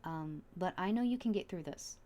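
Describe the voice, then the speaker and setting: A woman giving a casual tarot reading, chatty and earnest, full of fillers and restarts, soft and heartfelt. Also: lowish voice, lively intonation, normal speed. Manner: soft and heartfelt, at times emotional. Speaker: tarot reader.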